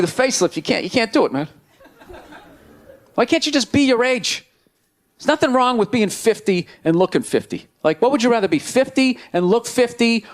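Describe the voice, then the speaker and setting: Stand-up guy ranting loud and sarcastic, really high voice, crowd laughing behind, bit of hiss. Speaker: stand-up comedian. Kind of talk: stand-up routine. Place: comedy stage before a live audience. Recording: live show with crowd laughter.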